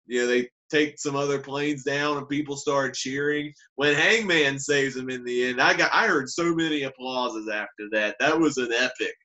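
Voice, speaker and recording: A man's voice: mid-range voice, moderate pace, hardly any pauses, sharp tone. Man sharing movie reactions on a podcast. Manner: enthusiastic, acts out quotes. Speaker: podcast co-host. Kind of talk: casual movie review chat.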